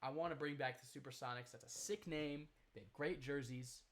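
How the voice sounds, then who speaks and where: A man's voice: medium pitch, brisk. A man co-hosting a casual sports podcast, talking in a rambling, opinionated way that often trails off and restarts, recorded remotely. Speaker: podcast co-host. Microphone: remote recording, apart from co-host.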